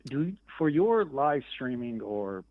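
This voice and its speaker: A man's voice: mid-range voice, very animated, slow pace, no echo. Guy calling in, hesitant, lots of ums, tinny phone sound, dry. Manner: hesitant, many fillers and restarts. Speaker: caller. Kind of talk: call-in question. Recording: phone-line call.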